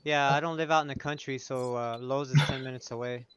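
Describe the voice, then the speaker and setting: A man's voice: mid-range voice, fairly even intonation, brisk, a bit bright. A man telling a laid-back story as a guest in a casual livestream chat.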